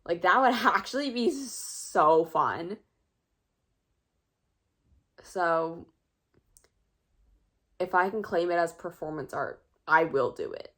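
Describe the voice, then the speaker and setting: A woman's voice: lowish voice, expressive, slow pace, long pauses, fairly bright tone. A teenage girl vlogging in a casual, rambling, self-mocking monologue full of filler words. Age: teens.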